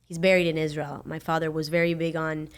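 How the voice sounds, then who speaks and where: A woman with a lowish voice speaks as a podcast guest. She tells a personal family story openly and sincerely, in a casual, unscripted way. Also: level tone, fast talker, smooth. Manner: open, heartfelt, affirming.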